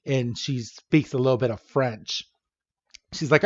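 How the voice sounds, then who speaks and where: A man's voice: medium pitch, unhurried, no room sound, muffled recording. A man co-hosting a podcast, recapping a cartoon episode in a casual, comedic way and often acting out the characters' lines. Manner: animated, laughs often, acts out characters' lines. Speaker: podcast co-host.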